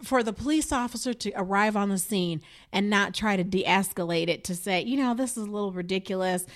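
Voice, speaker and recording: A woman's voice: mid-range voice, brisk. A woman co-hosting a casual discussion, talking in an impassioned, emphatic way.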